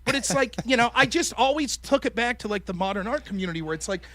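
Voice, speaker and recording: A man's voice: extremely high pitch, lively intonation, quick pace, pushed and bright, dry recording. A man hosting a podcast, telling a story in casual, profane chat and mocking the people he quotes in put-on voices. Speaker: podcast host.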